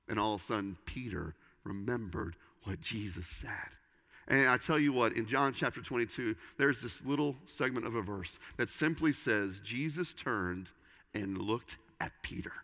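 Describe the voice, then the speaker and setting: A man preaching a sermon, swinging between loud emphasis and hushed, quiet lines. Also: lowish voice, gravelly, big-room sound. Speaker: pastor.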